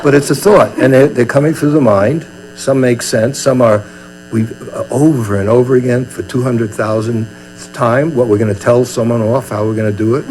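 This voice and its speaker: A faint mains hum runs under this low-quality recording of an older Brooklyn man, a meditation teacher. At medium pitch and normal speed, with a darkish tone, he gives a chatty, humorous dharma talk and acts out little scenes.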